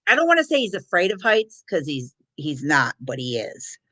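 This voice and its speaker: A woman telling a funny family story in casual chat, lively and laughing. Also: low-pitched, normal speed. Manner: lively, laughing, acts out shouted quotes.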